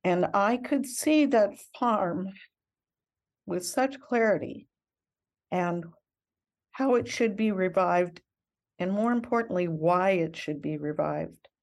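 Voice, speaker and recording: A woman's voice: mid-range voice, slow pace, creaky, pauses often. An older woman, a missionary guest in an interview, telling her story in an earnest, reflective and heartfelt way.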